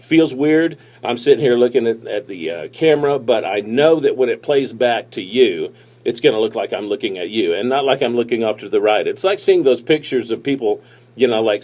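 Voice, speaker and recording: A man speaks straight into a tablet's built-in mic, offering presenting tips in a loose, rambling way. His voice sits at an ordinary middle pitch, and he often circles back with fillers and restarts. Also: a little mellow. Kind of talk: casual instructional talk to camera. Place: seated, recording on a tablet.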